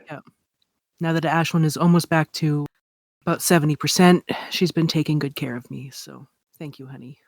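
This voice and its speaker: Woman, sick-sounding voice, dry close sound, soft trailing podcast chat. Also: low voice, fairly even intonation, moderate pace, no echo. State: sick, voice affected by illness. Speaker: podcast guest.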